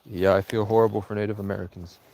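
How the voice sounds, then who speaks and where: A man's voice: lowish voice, little pitch movement, fast, gravelly, a little mellow. A man livestreaming outdoors in the countryside, rambling casually and answering viewers' comments. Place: outdoors in rural Vermont.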